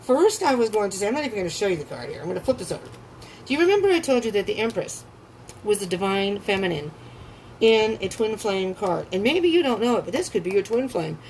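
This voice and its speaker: A woman giving a tarot reading who gushes with excitement, swears freely and breaks into gasps and laughter. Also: medium pitch, fast, slight background noise, low-quality recording. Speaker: tarot reader.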